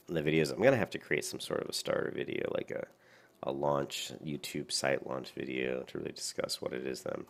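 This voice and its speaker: A worn-out man talks over his gameplay in an extremely deep, gravelly voice. He rambles and circles back, sounding half asleep as he goes. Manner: rambling, with many fillers and restarts. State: very tired, yawning. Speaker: gameplay commentator. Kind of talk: casual gameplay commentary.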